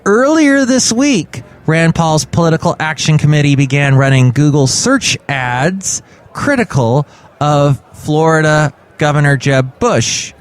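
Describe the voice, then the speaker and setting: A man hosting a podcast, riffing on the news in a jokey way with big swings in pitch. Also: lively intonation, a little slow, clear, resonant tone. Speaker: podcast host. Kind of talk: comic news commentary.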